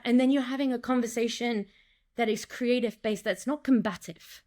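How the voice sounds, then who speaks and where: A woman director and acting coach in a casual interview, talking in an animated way, acting out lines and quotes, with many restarts. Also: a little high, normal speed.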